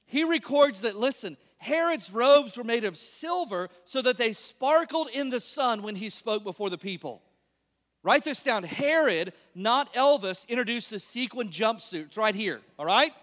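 High-voiced animated male preacher. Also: normal speed. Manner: animated, joking, asks the congregation questions. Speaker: pastor. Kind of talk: sermon. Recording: long reverb of a large hall.

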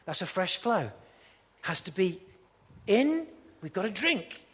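A man preaching a sermon, swinging between loud ringing peaks and hushed low passages. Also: big pitch swings, takes it slowly, breathy edge, in a large hall. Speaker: pastor. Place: church.

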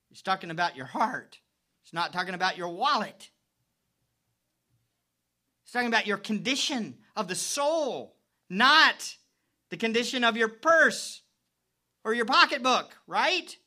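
Animated preacher switching whispers and shouts. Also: sits high. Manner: swings from hushed whispers to loud emphatic declaration; stretches words slowly for emphasis. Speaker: pastor. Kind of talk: sermon.

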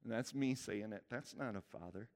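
This preacher has a lowish, somewhat dark voice and talks at a normal speed. He keeps his sermon conversational, regularly engaging the congregation, and the sound echoes like a church hall.

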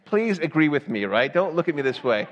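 A man with a fairly high voice preaches to his congregation in a chatty, conversational way. He keeps checking in with the listeners with "right?". His voice rings out in a long reverb from a large church hall. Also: sing-song, a little fast, dull audio. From Southern United States. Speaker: pastor. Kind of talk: sermon.

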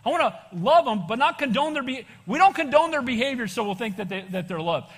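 A man pastor preaching a sermon, animated and casual, calling for amens and calling people "bro". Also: very high voice, a little fast, hardly any pauses, slightly rough. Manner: casual slang, says "bro". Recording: long reverb of a church hall.

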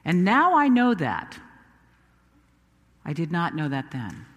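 A man acting out Moses, a humble prophet full of doubt, tells his story in a first-person dramatic sermon. The voice sits high and moves slowly and earnestly, leaning on pleading questions. It rings out with the long reverb of a large sanctuary. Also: wildly swooping pitch, fairly bright tone, heavily acted. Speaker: preacher.

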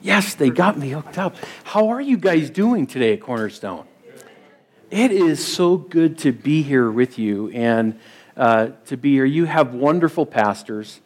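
A man's voice: mid-range voice, expressive, measured pace. A man, a district superintendent, opening as guest preacher with upbeat greetings to the congregation. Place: church sanctuary.

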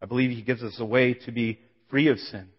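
A man preaching, telling his own story with emotion, his voice swelling loud and falling to a hush. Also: fairly even intonation, a little fast, breathy edge. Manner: emotional testimony, voice swelling then dropping low. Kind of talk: sermon. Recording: dull sound in a big reverberant hall.

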